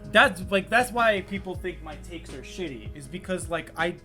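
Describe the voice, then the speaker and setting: A man's voice: high-pitched, moderate pace, faint music behind. A young man co-hosting a podcast, chatting casually and animatedly, rambling and swearing often. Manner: animated, swears a lot, rambling with many fillers. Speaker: podcast co-host. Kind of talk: casual chat. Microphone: remote call mic.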